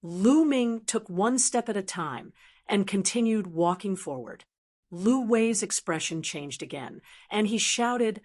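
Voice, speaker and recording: A woman narrating a fantasy audiobook in an even, steady reading voice. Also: medium pitch, a little slow. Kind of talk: scripted narration.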